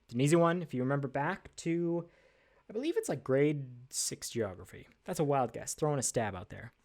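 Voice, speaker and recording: A man's voice: fairly high pitch, sing-song, brisk, darkish tone. A man hosting a casual livestream trivia from behind a desk, chatty and upbeat with lots of fillers and self-deprecating asides. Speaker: livestream host. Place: at a desk indoors.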